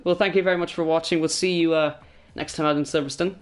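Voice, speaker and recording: Higher-voiced hesitant male host. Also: steady tone, fast, a loud crowd. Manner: hesitant, many ums, joking asides. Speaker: host and interviewer. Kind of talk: post-race esports interviews.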